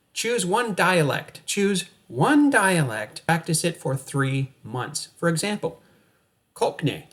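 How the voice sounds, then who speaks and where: Upbeat male acting coach, slightly high. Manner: energetic, playful, talks straight to the viewer. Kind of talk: coaching monologue to camera.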